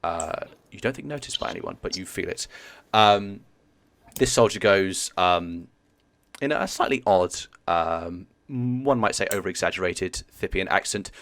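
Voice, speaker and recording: A man's voice: low-pitched, animated, measured pace, fairly bright tone, no room sound. A man narrating as game master, hesitant with many fillers.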